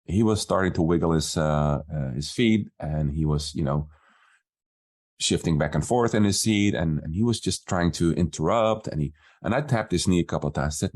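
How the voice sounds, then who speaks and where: A man's voice: sits low, normal speed. A man, a business coach, casually telling a story from his work and acting out what people said. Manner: relaxed storyteller, acts out quoted dialogue.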